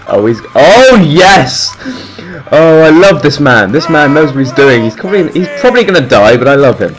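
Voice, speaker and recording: A young man giving excited gameplay commentary, swearing, laughing and shouting orders. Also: on the high side, normal speed, soft background music. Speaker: gaming video host.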